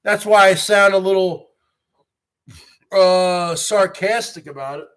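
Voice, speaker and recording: Brash stream host, from New Jersey, boastful and rambling, bright high voice. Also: male voice, slow pace, clean tone. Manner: boastful, repeats "folks" and "bottom line"; greets viewers by name. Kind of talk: boastful rambling live chat.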